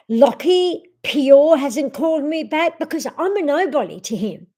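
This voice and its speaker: A woman hosts a casual live chat with her viewers. Her voice sits high, and she speaks at an unhurried, drawn-out pace. She is dramatic and expressive as she talks. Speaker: vlogger.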